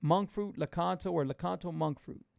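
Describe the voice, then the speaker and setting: A middle-aged man, hosting his own live show as a keto coach. He talks loosely and fervently, repeating himself as he pitches to viewers. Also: moderate pace, vocal fry, darkish tone, no room sound, clean studio sound. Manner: loose and conversational, many restarts. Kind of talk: live-stream talk to viewers.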